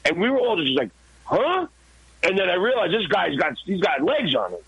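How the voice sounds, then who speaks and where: Husky New man telling a wild story. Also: high voice, fast, no echo, muffled recording. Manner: profane, excited, acts out his own shouts. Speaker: guest, author and former radio intern. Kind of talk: animated storytelling in a podcast interview.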